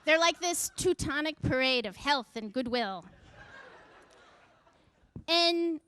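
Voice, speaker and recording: A woman's voice: high voice, expressive, slow pace, bright, forceful tone. A middle-aged woman telling a comic personal story in a wry, self-mocking way, acting out the voices she quotes.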